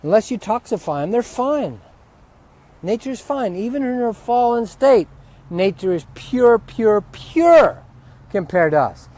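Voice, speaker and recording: A male spiritual teacher talks off the cuff, swearing freely and swinging into loud, heated outbursts. He is outdoors, with dogs close by. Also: sits high, very animated, unhurried. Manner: profane, heated ranting with sudden loud outbursts. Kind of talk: unscripted spiritual teaching talk.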